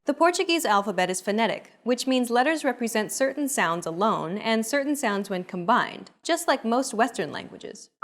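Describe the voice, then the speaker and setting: A woman giving scripted explanations in a language lesson, in a plain, even tone. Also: on the high side, normal speed, few pauses. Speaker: narrator.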